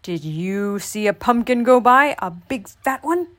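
Storybook old man over 80, voiced by a woman, croaking, bawling, fretful, high-ish, unhurried. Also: animated. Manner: bawling and croaking, jumps about. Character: excitable 800-year-old man, easily upset.

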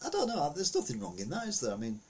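A man's voice: fairly high pitch, huge pitch swings, fast, a little mellow, slightly rough. A man giving a casual, rambling commentary on the week's news, full of anecdotes and asides.

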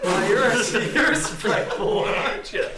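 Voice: mid-range voice, animated, normal speed, over loud music. A player in a tabletop game, talking in character in a playful, giggly way. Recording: echoey room.

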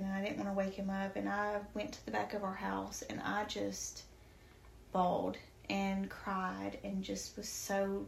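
A woman's voice: medium pitch, gravelly, echoey room, a little hiss or hum. Chatty woman telling a personal story. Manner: chatty, many fillers, emotional and faith-filled. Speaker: podcast guest.

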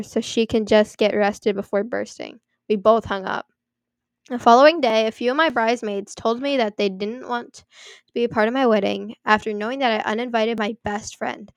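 A young woman with a fairly high voice reads online posts aloud, then drops into loose, chatty commentary. She leans on "like" a lot and apologizes for her reading slips. The sound is close and dry. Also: clean tone, no echo. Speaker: story reader and commentator.

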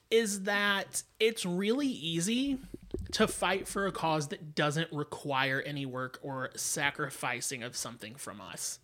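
A man with a bright, fairly high voice talks earnestly on a casual podcast. He works through his thoughts in a reflective way and laughs easily with his co-host. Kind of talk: casual chat.

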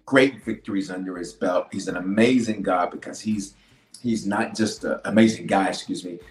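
Emphatic preaching man, roomy echo. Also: lowish voice. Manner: emphatic preacher with big swings from loud to hushed; repeats key lines for emphasis. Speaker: bishop. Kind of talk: preaching a leadership sermon. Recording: roomy echo with faint music.

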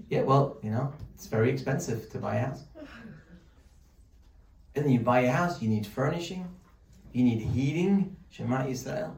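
A man giving a humorous religious lesson, animated and joking, full of rhetorical questions. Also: mid-range voice, moderate pace, long pauses. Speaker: Torah teacher. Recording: roomy sound from a distant mic.

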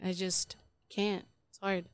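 Casual podcast woman, rambly, says like a lot, smooth clean voice, no room echo. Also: lowish voice, level tone, slow pace. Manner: rambling, filler-heavy storytelling. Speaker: podcast co-host. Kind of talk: casual confessional chat.

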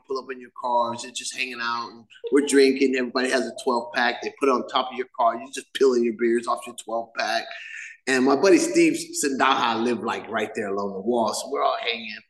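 A man's voice: medium pitch, fast talker, fairly bright tone. A middle-aged man giving his personal recovery testimony to a live meeting, telling it loosely and acting out the voices of the people in his story. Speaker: main speaker at a recovery meeting. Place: church meeting hall. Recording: echoey meeting hall.

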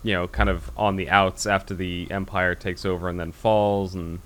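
Speaking at a normal speed in a low, level voice with a fairly bright tone, an American podcast host chats casually. He rambles, restarting often and leaning on fillers.

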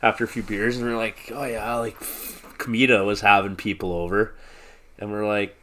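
A man's voice: lowish voice, flat delivery, fairly quick, fairly bright tone, a little hiss or hum. A man in his thirties, a podcast guest, telling a long rambling story in casual chat and swearing freely. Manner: rambling, heavy swearing, laughs through the story.

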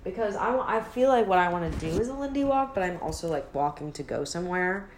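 Speaking fast and expressively in a fairly low voice, a young woman runs her podcast alone. She rambles casually and pokes fun at herself, and the recording is roomy with a faint hiss.

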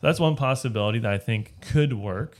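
A man's voice: mid-range voice, fairly quick. A man leading a casual Bible study, explaining a passage step by step and often checking in with "right?". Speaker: Bible teacher.

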